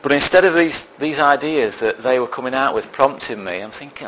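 A man delivers a sermon in an easy, storytelling way, poking fun at himself with dry asides. His voice sits at an everyday middle pitch. A faint hum of the room sits under him. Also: animated, normal speed, fairly bright tone, low-quality recording. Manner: self-deprecating storytelling with dry humour. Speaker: lay preacher.

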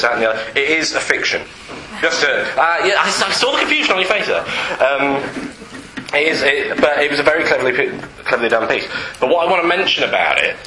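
A man's voice: medium pitch, bright, forceful tone, slight background noise. A man preaching a sermon in a church hall, conversational and self-deprecating, with frequent fillers and restarts.

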